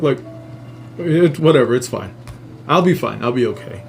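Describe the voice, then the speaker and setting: Cursing, animated man telling a story. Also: moderate pace, faint music behind. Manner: profane, animated, swings into high voices when quoting. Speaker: podcast host telling his own dream stories. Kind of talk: casual storytelling.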